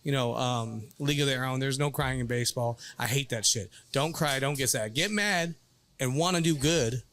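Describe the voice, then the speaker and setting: A man in his thirties hosting a casual bar chat show, telling stories in a rambling, animated way. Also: medium pitch, fairly quick. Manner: rambling, animated storytelling with quoted voices. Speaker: podcast host and youth baseball coach.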